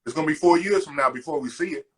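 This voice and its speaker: A man's voice: on the high side, rapid-fire, husky. A man co-hosting a casual podcast, ranting with lots of swearing and mocking impressions of other people's speech. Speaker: podcast co-host. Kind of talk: casual chat.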